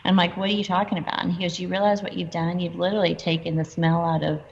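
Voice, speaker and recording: A middle-aged woman telling stories in a casual interview, animated and quoting people in dialogue. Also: lowish voice, fast talker, gravelly, a little hiss or hum. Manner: animated, quotes herself and others in dialogue. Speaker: guest entrepreneur. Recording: dull lo-fi sound with long reverb.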